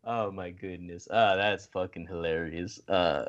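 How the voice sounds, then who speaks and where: A man's voice: sits low, steady tone, measured pace, highs cut off. Tipsy, profane man podcast host. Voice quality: profane and rambling. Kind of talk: casual chat.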